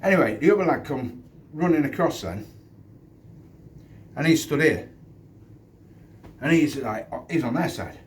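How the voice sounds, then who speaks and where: A man's voice: a little high, lively intonation, unhurried, pauses often. A middle-aged man, a former doorman, tells a street-fight story in a blunt, sweary, stop-start way, outdoors in the wind. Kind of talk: casual storytelling to camera. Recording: distant mic with wind noise.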